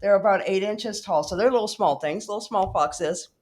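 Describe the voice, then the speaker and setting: A woman's voice: mid-range voice, moderate pace, darkish tone. A young woman from Texas hosting a casual chat, laughing often as she talks. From El Paso, Texas. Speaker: host.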